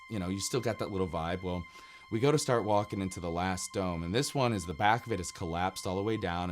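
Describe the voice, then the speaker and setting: A middle-aged man telling his own ghost story in a casual, animated way, with many fillers and restarts. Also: on the low side.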